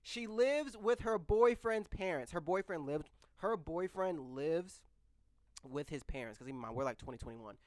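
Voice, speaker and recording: A man's voice: on the high side, expressive, normal speed, no room sound. A young man in his twenties candidly telling a rambling personal story to his viewers. He restarts his sentences often as he goes. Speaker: vlogger. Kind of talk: casual storytelling. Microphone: microphone close by.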